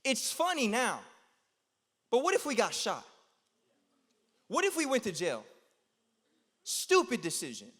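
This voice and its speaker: A young man giving a youth sermon, telling a story in an animated, slangy way and laughing as he goes. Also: very high voice, a little slow, pauses often. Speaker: youth speaker. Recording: long hall reverb.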